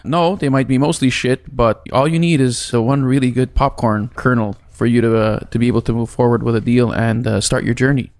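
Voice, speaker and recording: A man's voice: medium pitch, fairly even intonation, a little fast, few pauses, dry recording. A man co-hosting a real estate podcast, talking bluntly and cracking jokes. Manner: blunt, wisecracking. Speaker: podcast co-host. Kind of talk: casual chat.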